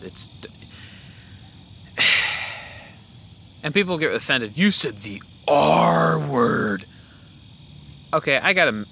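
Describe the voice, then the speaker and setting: Young man, podcast host, casual rambling monologue, bright voice, lots of fillers, faint background hiss. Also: mid-range voice. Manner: rambling, with many fillers and self-corrections.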